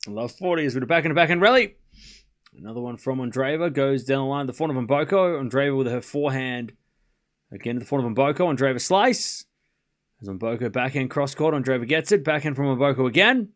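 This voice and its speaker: A man's voice: mid-range voice, lively intonation, a little fast. Man calling tennis live on a stream. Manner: casual, thanks viewers for donations between points. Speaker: host of a tennis watchalong stream. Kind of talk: live play-by-play commentary over a scoring stream.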